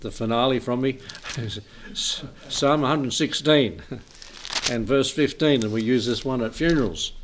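Over some background noise, a man with a medium-pitched voice preaches an informal sermon at a slow pace. He reads scripture and tells homely stories in a relaxed way, chuckling often.

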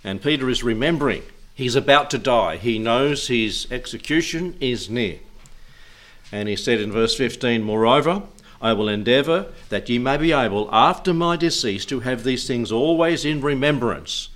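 A man's voice: medium pitch, expressive, moderate pace, a bit bright. A man preaching a sermon, reading scripture aloud in old-fashioned wording and urging his listeners on in an earnest, exhorting way.

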